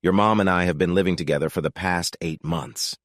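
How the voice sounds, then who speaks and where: A man's voice: low-pitched, steady tone, fairly quick, no room sound, clean studio sound, lightly acted. Give me a man playing a casual, joking middle-aged man. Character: easygoing middle-aged man, mother's partner.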